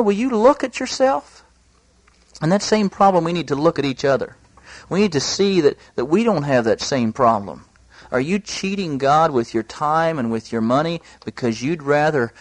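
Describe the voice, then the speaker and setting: A man preaching a sermon, earnest, lifting his voice high when he quotes scripture. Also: no echo. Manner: earnest, rising pitch for emphasis, quotes scripture in a raised voice.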